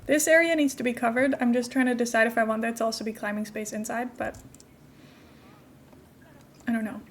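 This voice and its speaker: Woman streamer, chatty and giggly, a touch high, with light background noise. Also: steady tone, a little fast. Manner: chatty, giggly, talks to herself while building. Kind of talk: casual game-stream chat.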